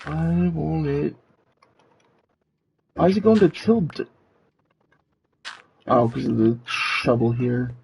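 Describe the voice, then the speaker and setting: A man's voice: fairly high pitch, fairly even intonation, slow pace, gravelly, long pauses, darkish tone, slight background noise. A male streamer speaking through a demon robot voice changer, chatting to his viewers as he narrates building in a game, with his mic set back from his face. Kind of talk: live gameplay commentary. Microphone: mic pulled back from face.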